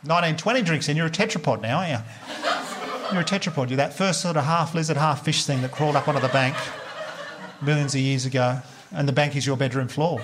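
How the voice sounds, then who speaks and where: An Australian comedian delivers a quick-fire stand-up bit in a slightly high, brisk voice, animated and sweary. He works a live room, with faint background ambience under the audience laughter. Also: noisy background. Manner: rapid, animated storytelling with profanity.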